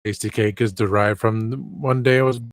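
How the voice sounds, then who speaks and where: A man's voice: lowish voice, fairly even intonation, normal speed, no echo. A man hosting a casual live stream, rambling with many fillers and restarts while answering viewer chat. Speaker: livestream host.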